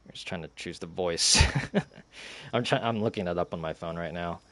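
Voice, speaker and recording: A man's voice: sits low, moderate pace, fairly bright tone. A young man streaming a game and chatting casually, rambling with lots of fillers, restarts and giggles.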